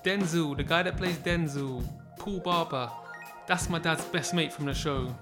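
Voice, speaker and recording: Male podcast host, higher voice, scripted intro read over a clear music bed with drums. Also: a little slow.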